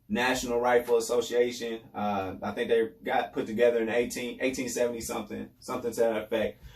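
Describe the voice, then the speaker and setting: A man's voice: mid-range voice, reverberant, recorded from a distance. A man hosting a podcast, giving casual commentary in a loose, repetitive way with sarcastic asides. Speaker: podcast host.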